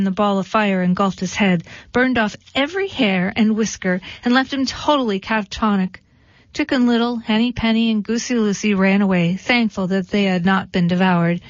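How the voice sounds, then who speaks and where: A woman's voice: medium pitch, no echo. Wry woman reading a storybook. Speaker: reader. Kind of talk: storybook narration. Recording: dull dry lo-fi recording.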